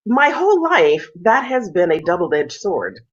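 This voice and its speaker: A woman in her fifties, an opera singer and interview guest, telling stories in a lively way and acting out the voices of people she quotes, heard over a video call. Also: fairly low pitch, a little slow. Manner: animated storyteller, acts out quoted voices. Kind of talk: casual interview storytelling. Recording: muffled video call audio.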